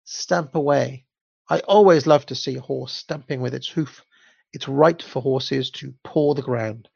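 A man reading aloud, voicing a stern old magic woman with a hoarse voice and a slow, measured way of speaking. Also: medium pitch, darkish tone, no room sound, exaggerated voice. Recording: dull lo-fi dry recording.

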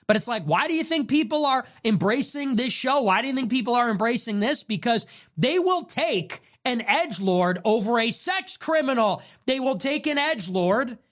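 A man's voice: extremely high pitch, lively intonation, a bit bright. A young man hosting his own show, delivering a heated political monologue with strings of rhetorical questions and some swearing. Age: young adult. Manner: ranting, rapid-fire rhetorical questions, profane. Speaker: show host.

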